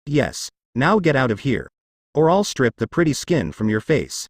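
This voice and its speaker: A man voicing a dark, protective teen boy. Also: mid-range voice, measured pace, no echo, clean studio sound. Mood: menacing. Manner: even, blunt delivery.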